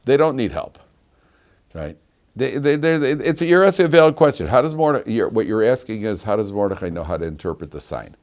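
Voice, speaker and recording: A man teaching a lively class as a rabbi, telling stories and laughing at his own anecdotes. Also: lowish voice, fairly quick. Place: yeshiva classroom.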